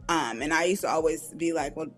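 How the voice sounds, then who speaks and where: A middle-aged woman, an author and podcast guest, telling candid personal stories in an animated way, acting out quoted voices and laughing often. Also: low voice, brisk, faint music behind. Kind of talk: candid conversational storytelling.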